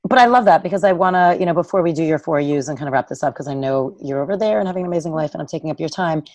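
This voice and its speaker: A woman hosting a podcast with a deep voice and a quick pace. She is enthusiastic and quick to praise, recorded dry and close. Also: animated, darkish tone, no room sound. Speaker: podcast host. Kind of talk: casual interview chat.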